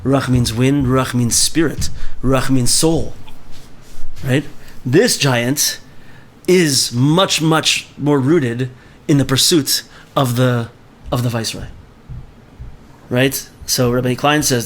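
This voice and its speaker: A man's voice: medium pitch, takes it slowly. A man leading a book club, reading a story aloud and explaining it conversationally, often checking in with his listeners.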